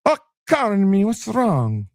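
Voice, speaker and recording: A man's voice: high voice, huge pitch swings, slow pace, darkish tone, no room sound, clean studio sound, voice pushed up, heavily acted. A man voicing a doting mother with an Italian accent who fusses over her grown son in a sing-song way. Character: doting mother, fussing and sweetly soothing.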